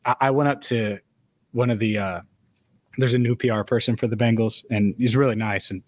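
A man's voice: medium pitch, steady tone, a little fast, no room sound. A man co-hosting a sports podcast in casual chat, joking and laughing often, tripping over repeated words. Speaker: podcast co-host.

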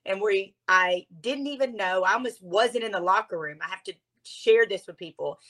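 Woman guest on a podcast interview, emotional, animated storytelling, mid pitch. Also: normal speed. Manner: heartfelt, animated, near tears at times.

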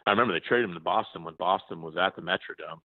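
A man's voice: low voice, very fast, dry recording. A man in his forties, a journalist guest, chatting in a rambling way with many restarts and fillers. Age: 40s. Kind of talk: casual interview chat. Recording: tinny phone line, dry.

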